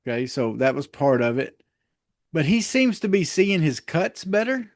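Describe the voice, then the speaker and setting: A man's voice: a little high, very animated, moderate pace, no room sound, clean studio sound. A man co-hosting a casual sports podcast, easygoing, laughing often and hedging his points with "uh". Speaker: podcast co-host.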